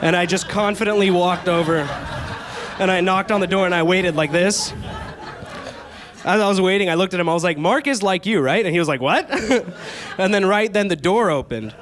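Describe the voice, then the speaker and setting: A man's voice: sits high, moderate pace, a faint crowd. A young man performing a stand-up comedy set on a club stage, telling stories with quoted back-and-forth exchanges. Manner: animated storytelling with quoted exchanges.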